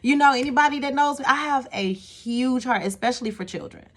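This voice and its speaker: Animated woman venting a story. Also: high-pitched, brisk. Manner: animated and exasperated, repeats words, talks to viewer with "okay?". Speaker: vlogger telling a personal story. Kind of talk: casual storytelling to camera.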